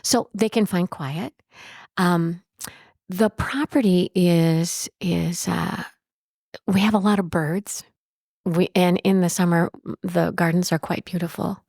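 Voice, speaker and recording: Gravelly-voiced woman telling stories. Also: on the low side, steady tone, slow, a little mellow, no echo, studio quality. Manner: chatty, with frequent restarts and fillers. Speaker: bed and breakfast owner. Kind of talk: storytelling in an interview.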